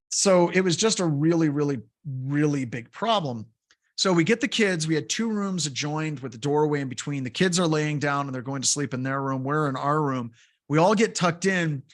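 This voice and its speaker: A man's voice: on the high side, fairly bright tone. A middle-aged man teaching a security course, telling a loose, filler-heavy story between points. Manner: casual, rambling, with many fillers. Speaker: course instructor. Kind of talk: lecture with anecdotes.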